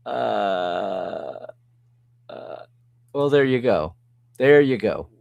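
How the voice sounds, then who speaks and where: A man's voice: fairly low pitch, animated, drawn-out words, gravelly, darkish tone, dry recording. Male live-stream host, casual, answers chat, dry close sound. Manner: chatty, reads and answers comments, chuckles often.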